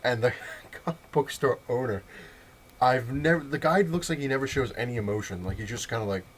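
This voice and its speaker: A man's voice: mid-range voice, brisk, a little hiss or hum. A man telling a casual story in a rambling way, with many restarts and frequent laughter. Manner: rambling, full of fillers and restarts.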